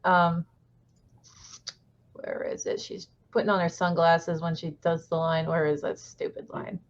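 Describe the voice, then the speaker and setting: A woman's voice: fairly low pitch, little pitch movement, unhurried. A woman co-hosting a comics podcast in casual chat, blunt and sarcastic with many fillers. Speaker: podcast co-host. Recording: slightly dull lo-fi sound.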